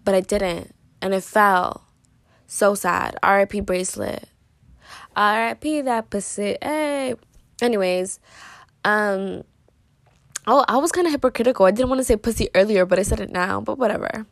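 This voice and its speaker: A woman's voice: medium pitch, moderate pace, vocal fry, no echo. A teenage girl tells a story in a loose, rambling way, leaning on "like" and "you know" throughout. Her delivery is playfully dramatic and joking. Her voice is recorded dry and close, with no room sound. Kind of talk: casual storytime monologue.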